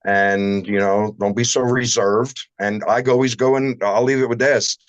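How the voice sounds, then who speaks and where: Man, glass shop owner, casual livestream chat, rambling and salty, low voice, dry sound. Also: fairly even intonation, moderate pace, no echo, lo-fi sound. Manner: rambling anecdotal storyteller, salty language. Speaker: shower door shop owner.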